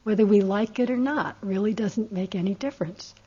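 A woman meditation teacher giving a gentle, reflective dharma talk with soft laughs, on a dull lo-fi recording. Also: medium pitch, fairly quick, breathy edge. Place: retreat center meditation hall.

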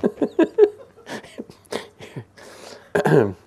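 Older man, gravelly voice, gentle musing dharma talk, chuckles often. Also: on the high side, huge pitch swings, drawn-out words. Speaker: meditation teacher.

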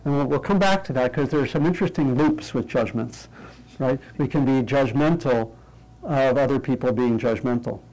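Guy giving a meditation talk, mid pitch, keeps saying right?, light and joking. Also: a little mellow, rough recording. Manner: light, humorous, often checks in with "right?"; thinks aloud with restarts and pauses. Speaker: meditation teacher. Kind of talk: interactive dharma talk with a group.

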